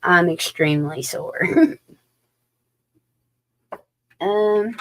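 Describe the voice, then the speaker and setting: A woman with a fairly low voice takes her time during a live-stream tarot reading chat. As a psychic reader she's chatty, folksy and informal, sometimes sinking into a whisper.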